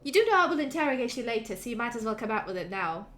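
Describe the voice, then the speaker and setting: A woman's voice: on the high side, sing-song, racing, fairly bright tone, slight background noise. A woman voicing a fierce, protective mother who calls everyone darling sweetly, then threatens them. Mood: stern.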